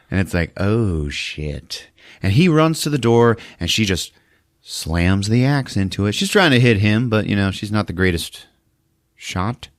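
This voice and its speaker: A man's voice: lowish voice, expressive, normal speed, dry recording, studio quality. A man hosting a podcast, retelling a movie casually, laughing often and acting out the characters' lines. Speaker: podcast host.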